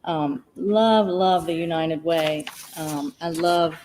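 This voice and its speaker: Chatty woman, mellow voice. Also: deep voice, slow, a little hiss or hum, rough recording. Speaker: charity board president. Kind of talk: live radio broadcast chat.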